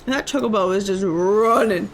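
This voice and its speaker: A woman's voice: medium pitch, moderate pace, a little hiss or hum. A woman game streamer chatting casually and rambling about her day while she plays. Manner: chatty, self-mocking, rambling. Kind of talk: casual chat while gaming.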